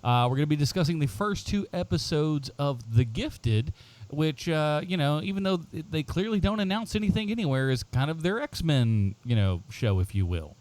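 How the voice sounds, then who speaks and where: A man's voice: a little high, lively intonation, normal speed, darkish tone. A middle-aged man hosting a casual podcast, rambling with many fillers and frequent laughter. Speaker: podcast host.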